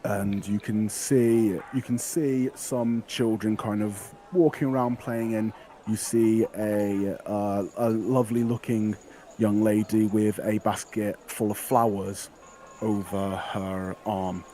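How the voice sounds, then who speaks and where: Casting: male game master, mellow, dark tone, easygoing narration with frequent ums and restarts. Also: on the low side. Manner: relaxed, halting, with many fillers and restarts.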